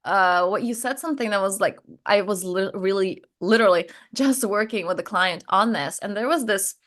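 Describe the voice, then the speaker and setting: A woman's voice: medium pitch, moderate pace, fairly bright tone. A middle-aged woman coach chatting candidly and animatedly over a video call, with many fillers and easy laughs. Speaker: transformation coach. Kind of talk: casual spiritual conversation.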